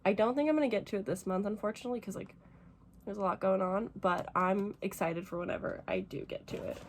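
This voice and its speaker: A young woman from the United States, a book vlogger chatting casually and gushing emotionally, rambling fast with lots of fillers while teary. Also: medium pitch, background noise. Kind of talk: casual vlog chat.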